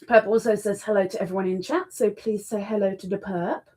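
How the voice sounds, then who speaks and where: A woman's voice: mid-range voice, steady tone, fairly quick, warm tone, slightly rough. A woman hosting a casual crochet live stream, chatting with viewers, reading their messages aloud and cooing to her cat. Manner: coos affectionately to her cat between greetings.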